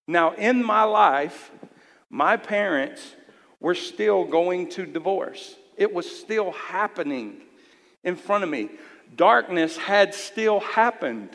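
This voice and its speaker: A man's voice: on the high side, fairly bright tone. A man giving a sermon, telling a personal story in a candid, earnest way. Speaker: youth leader preaching. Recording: long hall reverb.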